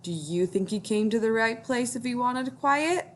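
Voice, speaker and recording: A woman's voice: a little high, lively intonation, normal speed, a little hiss or hum. A woman teacher reading a picture book aloud to young children, encouraging them to join in.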